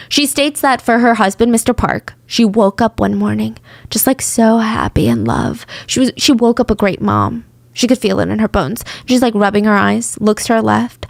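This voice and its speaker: A young woman hosting a true crime podcast, telling the story casually with lively asides and acted-out quotes. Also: on the high side, moderate pace, gravelly, dry recording.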